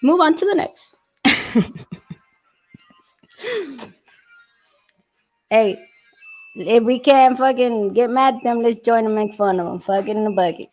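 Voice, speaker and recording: A middle-aged woman hosts a casual livestream, joking in a brash, profane way and laughing often. Her voice sits a little high for a woman, and she keeps the talk loose and irreverent. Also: takes it slowly, pauses often, darkish tone, soft background music, rough recording. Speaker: livestream host. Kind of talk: casual chat. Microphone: streaming setup.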